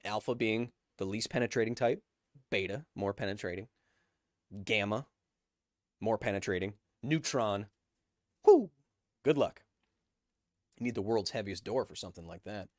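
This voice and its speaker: A man's voice: on the low side, normal speed, pauses often, dry recording, studio quality. A man hosting a live stream, reading chat messages aloud with jokes and tangents while explaining science casually.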